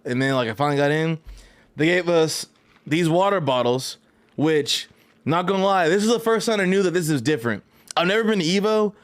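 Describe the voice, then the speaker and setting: A man telling a story in a casual vlog, animated and profane, full of slang and rambling asides. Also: a little high, clear, resonant tone. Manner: loose, rambling delivery with frequent "right?". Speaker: fighting game vlogger.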